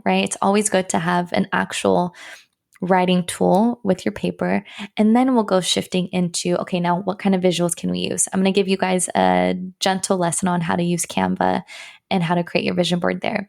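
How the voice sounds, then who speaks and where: A woman's voice: mid-range voice, vocal fry. A young woman hosting a solo podcast, talking in an upbeat, encouraging way about healing work and her upcoming programs. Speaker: podcast host and healer.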